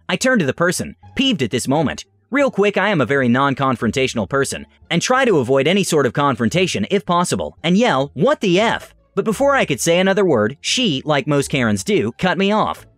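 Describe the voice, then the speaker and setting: An animated man narrates reader stories with dramatic asides. His pitch is a little high and moves around freely. The read is close and dry, with faint music playing underneath. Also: no echo. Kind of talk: scripted narration. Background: faint background music.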